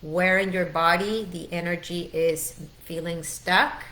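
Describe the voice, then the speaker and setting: A middle-aged woman as a wellness coach, leading a guided training in a slow, soothing, heartfelt way. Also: on the low side, fairly bright tone, a little hiss or hum. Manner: slow, soothing, heartfelt, urges the listener to breathe.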